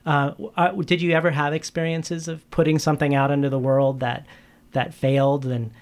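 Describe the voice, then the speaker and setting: A man's voice: on the high side, level tone, normal speed. A man interviewing an author, asking long questions with frequent hesitations and restarts. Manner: hesitant, with many restarts and fillers.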